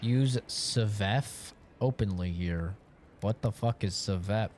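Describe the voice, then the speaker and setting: A man's voice: lowish voice, slow, a little mellow, slight background noise. A man streaming live gameplay, joking around and swearing playfully.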